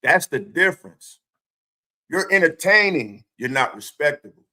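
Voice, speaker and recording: A man with a high voice that swings widely up and down rants on his own stream. He taunts with one rhetorical question after another and swears freely. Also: sing-song, a little slow, bright, forceful tone. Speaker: streamer host. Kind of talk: confrontational livestream rant.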